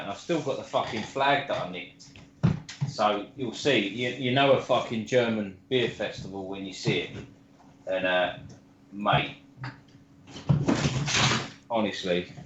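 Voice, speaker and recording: Casual bloke, lower register, crude matey banter, co-host. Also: male voice, fairly bright tone, highs cut off, slight background noise. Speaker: stream co-host. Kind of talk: casual chat.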